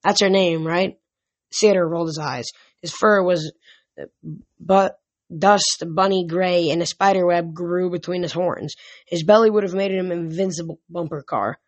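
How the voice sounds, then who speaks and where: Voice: medium pitch, fairly even intonation, moderate pace, dry recording. A reader narrating a novel in the first person in a casual way, with small slips and restarts. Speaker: audiobook reader.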